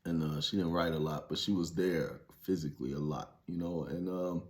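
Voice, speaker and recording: A man's voice: deep voice, steady tone, normal speed, darkish tone. A former inmate telling his story in a casual, blunt, heavily profane monologue that rises to emphatic preaching.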